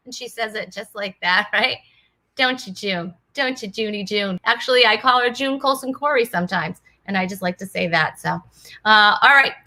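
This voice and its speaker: Bright, bubbly woman hosting a live show. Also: fairly high pitch. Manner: bubbly, chatty, laughs often. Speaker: host. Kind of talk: casual live-stream chat.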